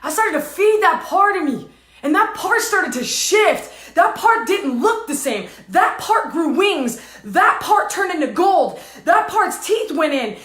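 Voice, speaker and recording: A woman's voice: very high voice, big pitch swings, a little slow, fairly bright tone. A woman speaking emotionally to her viewers as a spiritual teacher, repeating intense affirmations and swearing casually. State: tearful and dizzy at times. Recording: roomy echo.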